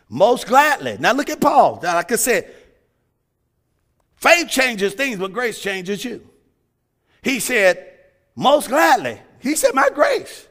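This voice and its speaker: Lively high-pitched preaching man. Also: measured pace. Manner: preaching with rising shouts and sung cadences. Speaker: pastor. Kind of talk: sermon.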